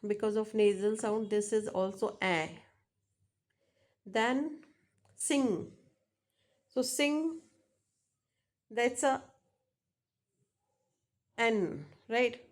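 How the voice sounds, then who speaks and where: Slow-speaking woman teaching phonetics. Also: medium pitch. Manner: slow, halting, repeats example words many times. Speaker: English teacher. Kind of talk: phonetics lesson explaining examples.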